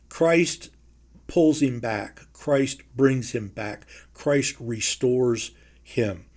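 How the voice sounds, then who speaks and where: Measured, emphatic male preacher. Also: medium pitch. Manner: measured, emphatic, with slow stressed phrases. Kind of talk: Bible teaching.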